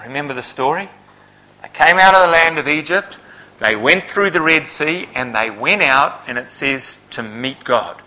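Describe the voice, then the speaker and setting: A man preaching a Bible sermon who swells to loud, emphatic peaks and then drops back to a low, quiet delivery. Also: poor audio.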